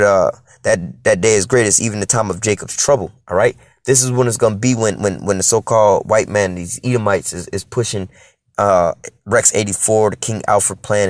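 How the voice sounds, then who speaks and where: Low-voiced, emphatic, profane street preacher. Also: male voice, no room sound. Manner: emphatic, profane, fills with "all right?" and "you know?". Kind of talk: informal scripture sermon.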